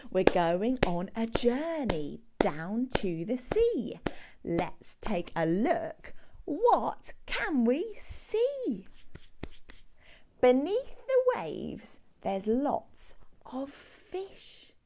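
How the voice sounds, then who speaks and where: Slow, sing-song British woman therapist. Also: a little high, very animated, darkish tone. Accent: British English. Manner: slow, sing-song, exaggerated for young children. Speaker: speech and language therapist. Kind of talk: children's story-song session.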